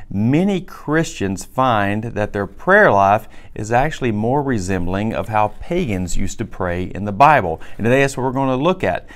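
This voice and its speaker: A male pastor with a fairly low voice preaches in a relaxed, conversational way. He reads scripture aloud and stops often to explain it in plain words. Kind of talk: recorded sermon teaching.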